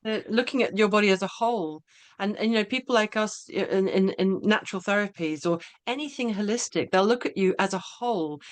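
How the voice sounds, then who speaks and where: A woman's voice: medium pitch, a little fast, no echo. Woman host on a podcast, lots of ums and agreeing, dead dry audio. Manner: agreeable, hesitant, many fillers. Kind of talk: podcast interview.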